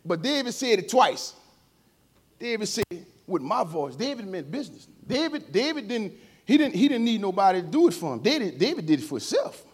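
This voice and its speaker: Man, preacher, church sermon, slightly high voice, emotional, quiet to loud, informal asides. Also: sing-song, brisk, breathy edge. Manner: emotional, swings between quiet and loud, calls out to the congregation. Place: church service before a congregation.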